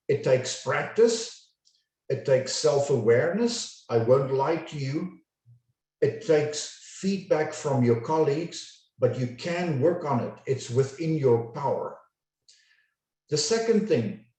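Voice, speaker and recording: A man coaching a webinar audience, his mellow voice unhurried and each word deliberately enunciated. He sounds set back from the mic, with his voice ringing around a very echoey room. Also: mid-range voice, distant mic. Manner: slow, deliberate, carefully enunciated. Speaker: communication coach. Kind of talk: webinar lecture.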